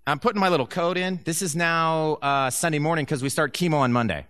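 A man sharing a personal testimony with a church audience, telling the story with lively energy and acting out the lines of the people in it. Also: fairly high pitch, quick pace, no room sound. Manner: animated storyteller who acts out quoted speech.

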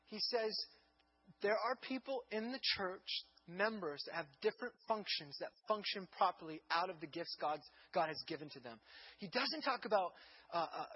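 Husky high-voiced preacher man. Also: lo-fi sound. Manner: earnest storytelling, rising to emphatic questions. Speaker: pastor. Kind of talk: sermon.

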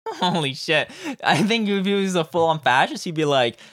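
Animated man, lively swearing podcaster. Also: a little high, normal speed, no room sound, clean studio sound. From Canada. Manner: animated, profane, laughs often. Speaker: podcast co-host. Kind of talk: casual chat.

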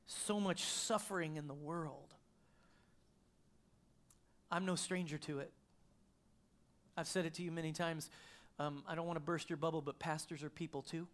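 A man's voice: a little high, fairly even intonation, normal speed, pauses often, a bit bright. A middle-aged male pastor preaching a sermon, telling a personal story in a conversational way with frequent restarts.

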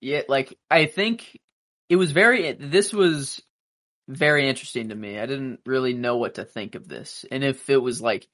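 Male podcast co-host, casual chat, bright voice, halting and rambly delivery. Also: medium pitch. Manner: rambling, halting, full of fillers and restarts. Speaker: podcast co-host reacting to a TV episode.

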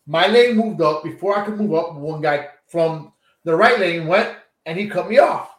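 A man with a fairly high voice tells a story in an animated way as a podcast co-host. He swears freely in a casual chat. The room around him sounds echoey. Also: normal speed.

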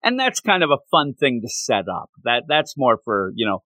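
A man co-hosting a casual podcast, recapping a show in an animated, rambling way with frequent chuckles. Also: mid-range voice, moderate pace, dry recording. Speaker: podcast co-host.

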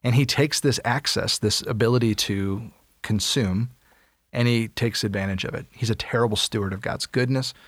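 A man's voice: mid-range voice, moderate pace, dry recording. Man laughing through a dry-miked chat. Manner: joking, laughs often, repeats words for effect. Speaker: podcast co-host. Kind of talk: casual Bible discussion.

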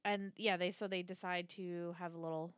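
A woman's voice: on the low side, level tone, normal speed, smooth, no echo, clean studio sound. A woman co-hosting a podcast, recapping a TV episode in casual chat and acting out the characters' lines. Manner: recaps scenes, acts out quotes. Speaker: podcast co-host.

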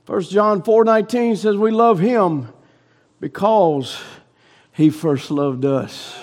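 Male pastor, very high-pitched, delivers a sermon in shouting bursts with quiet dips. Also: slow pace. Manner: shouting preaching cadence that drops low and soft. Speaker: preacher.

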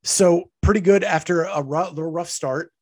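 A male interviewer with a fairly high voice keeps the talk casual and friendly. He steers the chat along with short prompts and questions. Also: moderate pace, darkish tone.

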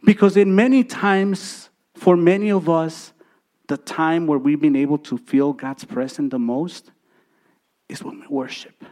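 A man in his thirties preaching a sermon, his voice sitting a little high for a man. He drives points home with repeated phrases, rising loud and then dropping to near quiet. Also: a little slow. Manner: emphatic preaching with repetitions and swings from loud to soft. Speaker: pastor.

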